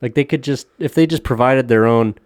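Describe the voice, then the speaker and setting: A man's voice: medium pitch, a little fast, darkish tone, dry recording, clean studio sound. A man co-hosting a casual podcast, ranting with lots of profanity and frequent laughter. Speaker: podcast co-host.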